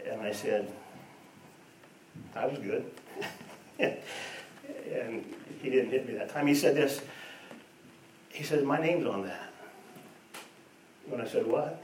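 Man preaching, roomy echo, mic at a distance, faint background hum, hushed then emphatic. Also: medium pitch, takes it slowly, long pauses. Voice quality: storytelling with shifts between hushed and emphatic delivery. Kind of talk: sermon. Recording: echoey room, voice from a distance.

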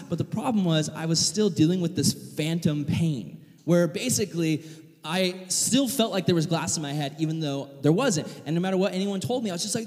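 Young male pastor, animated storyteller, high and expressive, big hall reverb. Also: a little fast. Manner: animated storyteller, acts out voices, yells in bursts. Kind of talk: sermon with personal story. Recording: long reverb of a large hall.

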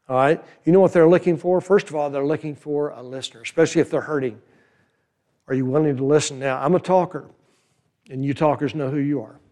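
An older man preaching a sermon in a folksy, animated way, full of rhetorical questions to the crowd. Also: fairly high pitch. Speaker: conference speaker.

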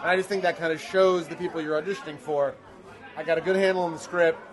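A man's voice: on the high side, steady tone, fast, a crowd in the background. A man in his thirties, a guest actor telling rambling, self-deprecating stories in a casual interview.

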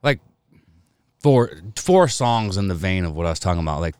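Brief: deep-voiced guy, lively pitch, dry close sound, rambling profane storyteller among friends. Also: moderate pace, clean tone, no echo. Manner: animated storyteller, profane, quotes people in put-on voices. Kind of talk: casual chat.

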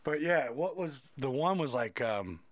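A man's voice: medium pitch, lively intonation, unhurried, dry recording. A man co-hosting a casual podcast chat, dropping wry remarks and laughing along. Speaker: podcast co-host.

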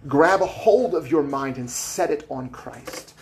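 Gravelly-voiced pastor preaching casually. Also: male voice, on the high side, animated, unhurried, a little mellow. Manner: conversational preaching with casual asides. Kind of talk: sermon. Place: church sanctuary.

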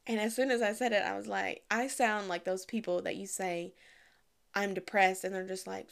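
A young woman giving casual, candid advice to the camera, chatty and frank, with lively asides. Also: medium pitch, moderate pace, creaky, smooth. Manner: chatty, candid, acts out quoted voices.

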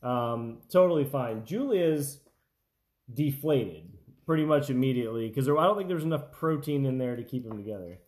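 A man's voice: mid-range voice, animated, normal speed, darkish tone. A man hosting a family baking taste test in a home kitchen, chatting casually with lots of fillers and restarts.

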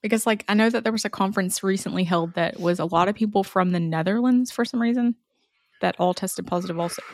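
Female podcast co-host, mid pitch, blunt and sardonic; dry close mic. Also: fast, a little mellow, dry recording. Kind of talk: casual podcast chat.

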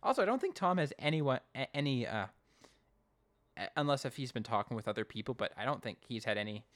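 Man, casual recap chat, jokey, lively swooping pitch, acts out lines. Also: quick pace. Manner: animated, jokey, fond of acting out lines. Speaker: podcast co-host.

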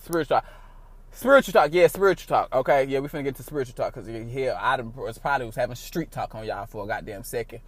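A man's voice: mid-range voice, fast talker, hardly any pauses. A man from St. Louis hosting his podcast in casual chat, loose, profane and slangy. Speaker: podcast host. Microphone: phone call recording.

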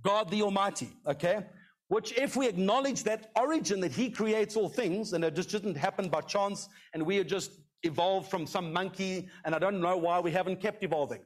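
A man's voice: high-pitched, moderate pace. A middle-aged male pastor giving a conversational sermon, often checking in with the congregation with "okay?".

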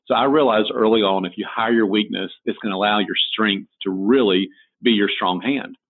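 A man's voice: on the low side, fairly quick, husky. A man with a Southern American accent, a designer and author answering interview questions in a folksy, storytelling way. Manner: folksy storyteller, frequent restarts. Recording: tinny phone-like line.

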